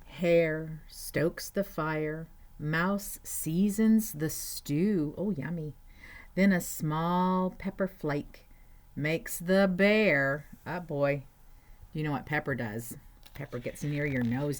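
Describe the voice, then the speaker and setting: A woman reading a children's picture book aloud, adding gentle, chatty asides to her listeners. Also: sits low, slow. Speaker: storyteller.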